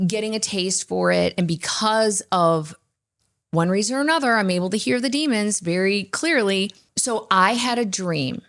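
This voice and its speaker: A woman's voice: mid-range voice, vocal fry, fairly bright tone. A woman co-hosting a faith podcast, telling personal stories in an earnest, emphatic way. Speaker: podcast co-host. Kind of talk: candid faith talk.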